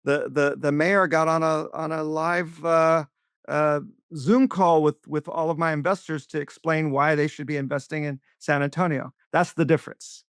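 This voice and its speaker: A man co-hosting a business podcast tells chatty stories, often restarting his sentences. His voice is smooth and clear and slightly higher than most men's. The sound is dry and close. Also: steady tone, moderate pace, a bit bright, no room sound. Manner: chatty anecdotes with frequent restarts. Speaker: co-host, attorney. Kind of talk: casual interview talk, storytelling.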